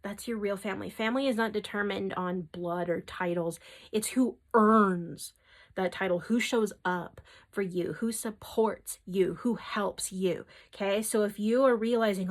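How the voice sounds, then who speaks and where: A woman giving a spiritual tarot reading to her viewers. She speaks in a reassuring way, often checking in with "okay?", and delivers emphatic affirmations that sometimes drop to a soft whisper. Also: medium pitch, a little slow. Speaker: tarot reader.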